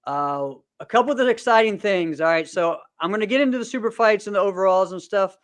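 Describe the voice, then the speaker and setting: A man in his thirties with a smooth, clear, fairly high voice talks casually on a podcast. He rambles cheerfully, laughs often, and fills gaps with plenty of "um"s. The sound is dry and close, with no room echo. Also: quick pace. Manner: rambling, upbeat, laughs often, many fillers. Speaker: podcast host and martial arts competitor. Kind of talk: casual chat.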